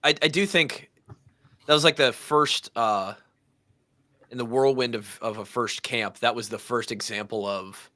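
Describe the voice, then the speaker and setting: A man in his thirties hosting a podcast, telling a story in a casual, animated way and acting out the voices of the people in it. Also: medium pitch, measured pace. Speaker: podcast host.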